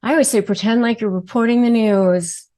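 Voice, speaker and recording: A woman lawyer hosting an advice video to camera, animated and prone to fillers as she acts out examples. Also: a little high, a little fast. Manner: animated, acts out quoted lines with many fillers. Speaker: lawyer and self-help host.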